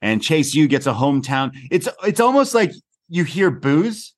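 A Canadian podcast co-host recaps a wrestling show in rambling, casual chat, using lots of fillers and the occasional swear. His fairly high voice swings widely in pitch at a moderate pace.

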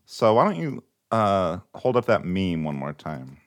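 A man's voice: low-pitched, very animated, a little slow. A man hosting a casual comedy podcast, teasing and laughing as he goes. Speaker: podcast host.

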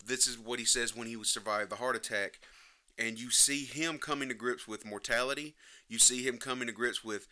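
A man's voice: medium pitch, steady tone, moderate pace, bright, forceful tone. A man giving a casual, passionate film review, emotional and emphatic, rambling through scenes and swearing now and then.

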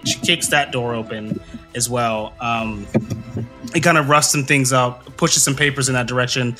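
A man narrating a tabletop game as game master, relaxed and full of ums and uhs. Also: mid-range voice.

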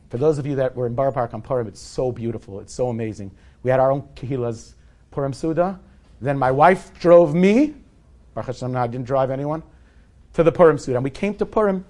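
A man's voice: mid-range voice, a little mellow. Candid man telling a story on stage. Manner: conversational, candid, self-deprecating. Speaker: speaker telling a personal story. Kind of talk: live storytelling to an audience. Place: event hall with a live audience.

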